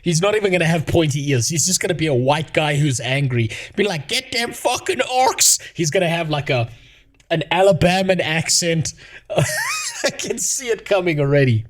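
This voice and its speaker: Brief: animated male host, higher voice, rambling and mocking rant. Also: normal speed. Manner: mocking, laughs often, rambling. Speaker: streamer host. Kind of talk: casual rant.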